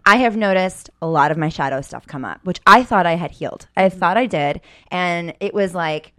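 A woman in her forties tells a story in casual podcast chat. She is animated, swears freely and acts out her own inner voice. The mic is close and dry. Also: fairly low pitch, normal speed, dry recording. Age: 40s.

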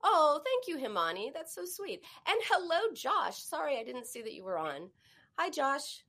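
A woman's voice: sits high, big pitch swings, normal speed. A woman hosting a live advice show, coaching listeners and acting out the ways people talk to themselves. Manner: warm coaching tone, acts out quoted self-talk. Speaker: host giving eating advice.

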